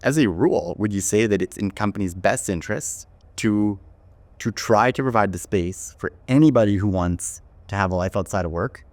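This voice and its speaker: Thoughtful podcast host, man, low voice, dry close mic, keeps checking in with the guest. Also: moderate pace, a little mellow, no room sound. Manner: thoughtful, many "right?" tags and restarts. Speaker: podcast host and company owner. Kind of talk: casual podcast interview.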